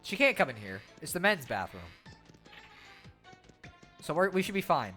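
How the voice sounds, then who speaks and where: A woman's voice: deep voice, very animated, fairly bright tone, faint music behind. A young adult woman streaming a video game, talking casually and swearing freely. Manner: profane, quick, chatty. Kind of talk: casual gameplay commentary.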